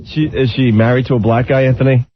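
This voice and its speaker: A man's voice: mid-range voice, little pitch movement, quick pace, dry recording. A man co-hosting a talk radio show, giving short reactions and prompting his partner to keep going. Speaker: radio co-host. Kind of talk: casual talk radio banter. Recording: lo-fi radio broadcast.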